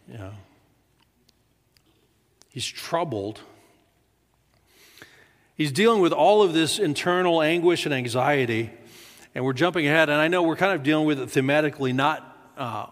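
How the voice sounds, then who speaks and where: Speaking in a mid-range voice, a man preaches as pastor in a church sanctuary with a big-room sound. He keeps it loose and conversational, repeats words a lot, and dramatizes quotations as his voice climbs.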